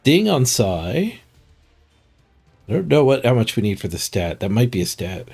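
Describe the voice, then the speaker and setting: A man's voice: medium pitch, big pitch swings, moderate pace, gravelly, darkish tone, slightly rough, soft background music. Stuffy man muttering over game stats. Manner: muttering to himself, chuckling at stats. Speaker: streamer. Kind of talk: casual gameplay commentary.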